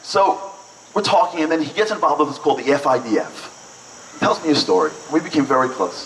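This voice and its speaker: Brooklyn guy w/ new telling jokey stories in a big hall, kinda high voice, faint room noise. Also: fairly quick. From Brooklyn, New York. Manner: lively, joking, chatty with many "like"s. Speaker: event speaker. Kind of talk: storytelling speech to an audience. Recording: echoey hall, mic at a distance.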